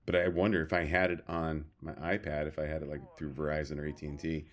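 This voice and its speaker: Man, podcast co-host, very low voice, rambling casual storytelling. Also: little pitch movement, quick pace. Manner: rambling storyteller, many fillers and restarts. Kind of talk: casual chat.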